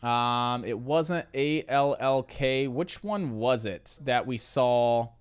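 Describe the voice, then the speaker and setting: A man's voice: mid-range voice, slow, clear, resonant tone. A man hosting a live day-trading stream. He answers viewer questions in a loose, rambling way, with lots of fillers, and repeats his key points in lists.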